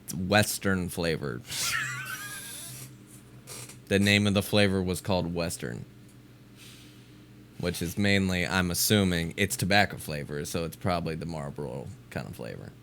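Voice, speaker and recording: A man's voice: sits low, a little slow, gravelly, long pauses, a bit bright, a little hiss or hum. A man co-hosting a podcast in laid-back casual chat, swearing offhandedly. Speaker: podcast co-host.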